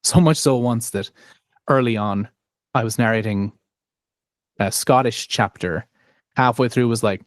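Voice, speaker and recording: A man's voice: medium pitch, a little slow, pauses often, dry recording. Chatty Irish man, dry close sound. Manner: chatty, self-deprecating, many restarts. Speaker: audiobook narrator. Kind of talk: casual live chat.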